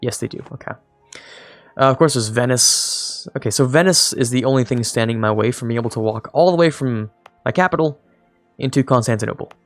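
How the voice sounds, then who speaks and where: A man's voice: medium pitch, a little fast, no echo, soft background music. A young man streaming a strategy game, rambling casually, mocking himself and talking to his units. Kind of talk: casual gameplay commentary.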